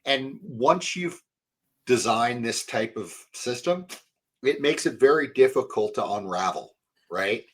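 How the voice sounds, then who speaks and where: A man's voice: mid-range voice, expressive, unhurried, a bit bright, husky. A man co-hosting a casual political podcast, explaining with wry sarcasm. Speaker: podcast co-host.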